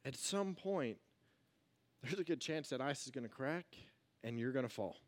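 A youth pastor delivers a casual, energetic sermon packed with rhetorical questions, swinging between loud and hushed. His voice is mid-range at a moderate pace.

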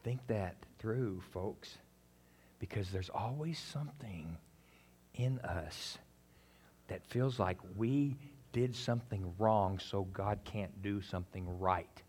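A man preaching with a slightly low voice, chatting with his congregation between points. He pushes hard on some lines and drops to a near hush on others, with plenty of asides and folksy turns of phrase. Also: slow, slightly rough. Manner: swings between emphatic and quiet, intimate delivery. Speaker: pastor. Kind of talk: sermon.

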